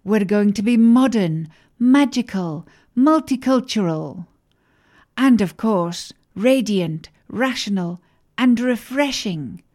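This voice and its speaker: A woman's voice: mid-range voice, darkish tone. A woman voicing a confident, charming magical man from a children's story, reading his lines in an upbeat, rallying way. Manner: upbeat, rallying speech delivery.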